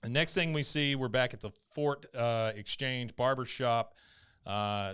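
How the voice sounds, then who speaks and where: A man's voice: fairly low pitch, fairly even intonation, moderate pace, a bit bright, smooth. A man co-hosting a podcast, recapping a cartoon episode in a laid-back, chuckling storytelling manner. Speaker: podcast co-host.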